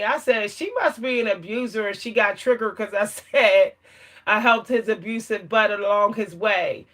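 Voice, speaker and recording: A woman vlogs straight to camera in a casual monologue. Her voice is bright and crisp, sitting at an ordinary middle pitch. She tells her story emphatically and laughs often between points. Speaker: vlogger.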